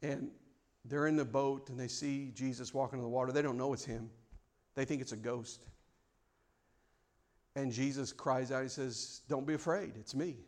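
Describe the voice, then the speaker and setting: A man preaching a sermon, swinging between loud, mock-formal prayers and quiet, reflective stretches. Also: mid-range voice, flat delivery, normal speed, pauses often. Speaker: pastor.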